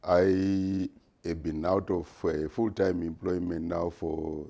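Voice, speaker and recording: A man, speaking very low and slow. His tone is mellow and dark, and he answers interview questions deliberately, pausing often with "uh" as he gathers his thoughts. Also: little pitch movement. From Zimbabwe. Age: 60s. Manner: measured and deliberate, frequent "uh" pauses. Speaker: retired business executive, guest.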